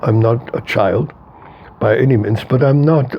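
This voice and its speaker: A man's voice: medium pitch, unhurried, lo-fi sound, slight background noise. A man in his eighties speaking as an interviewee and philosopher. He talks in an emphatic, repetitive way and openly lets his emotion show. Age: 80s. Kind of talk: reflective interview talk.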